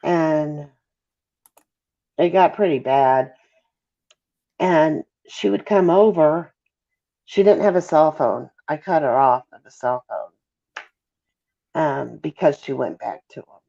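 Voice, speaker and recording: Halting Midwestern mother, gravelly and lo-fi. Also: sits low, expressive, dark tone. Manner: halting, apologizes and loses her thread. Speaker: interview guest, mother. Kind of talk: emotional interview over a call. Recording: dull, lo-fi call audio.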